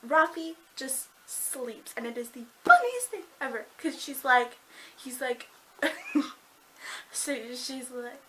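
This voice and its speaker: A young woman giving a casual, giggly book review, talking excitedly with lots of "like". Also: high voice, noisy background. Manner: bubbly, giggly, fast, lots of "like".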